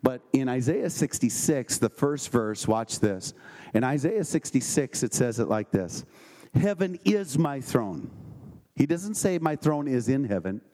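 A man preaching a sermon, reading scripture aloud and checking in with the congregation with quick questions. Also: medium pitch, expressive, warm tone. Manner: conversational, with emphatic questions to the congregation.

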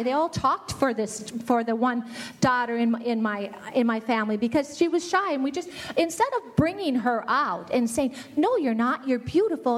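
A middle-aged woman giving a family ministry talk, earnestly acting out what parents and kids say. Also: high-pitched.

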